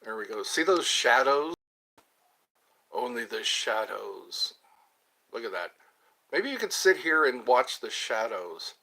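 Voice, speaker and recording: A man's voice: medium pitch, big pitch swings, slow, vocal fry, long pauses, pushed and bright. A man hosting a casual livestream, rambling, reading out viewer questions and answering them while eating yogurt. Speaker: livestream host.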